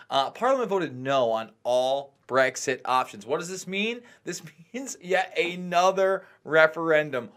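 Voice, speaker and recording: High, bright, animated male commentator. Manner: heated, emphatic, mocking. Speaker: co-host. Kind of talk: casual political commentary.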